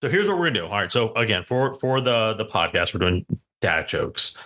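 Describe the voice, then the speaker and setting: A male podcast host running a lighthearted joke segment. His voice swings up and down in an animated way, and he fills the gaps with quick "all right"s. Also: lowish voice. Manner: runs the segment with many repeated "all right"s and laughs easily. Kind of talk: casual podcast chat.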